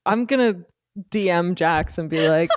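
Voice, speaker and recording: A woman co-hosting a comedy podcast, giggling and talking in halting stops and starts. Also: on the low side, dry recording, clean studio sound. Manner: giggly, halting, full of restarts. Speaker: podcast co-host. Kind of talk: casual comedic chat. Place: podcast studio.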